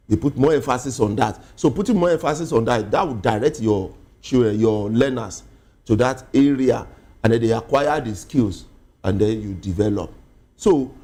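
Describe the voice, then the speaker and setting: A man, an educationist guest on a TV interview, explaining slowly with many pauses and fillers. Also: medium pitch, warm tone, breathy edge. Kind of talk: TV studio interview.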